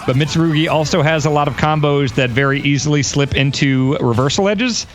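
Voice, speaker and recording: A man's voice: a little high, fairly quick. A man chatting casually about a fighting game, opinionated and enthusiastic, swearing now and then. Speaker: video game commentator. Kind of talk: casual gameplay chat. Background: game music.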